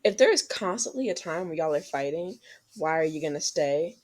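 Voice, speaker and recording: A woman's voice: deep voice, animated, a little fast, darkish tone. A young woman co-hosting a podcast, chatting casually and giving frank dating advice straight to listeners. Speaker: podcast co-host. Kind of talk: casual chat.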